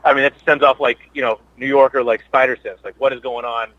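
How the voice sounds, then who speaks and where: Comedian guest, male, halting rambly storyteller, mid-pitched, dull lo-fi audio. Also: steady tone, dry recording. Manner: rambling, halting, many restarts. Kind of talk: casual chat. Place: New York based.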